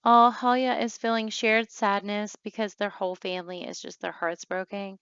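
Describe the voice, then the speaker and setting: A woman's voice: medium pitch, level tone, normal speed, a bit bright, smooth, dry recording, lo-fi sound. A woman giving casual gameplay commentary as a let's play host, emotional and chatty with many fillers and restarts.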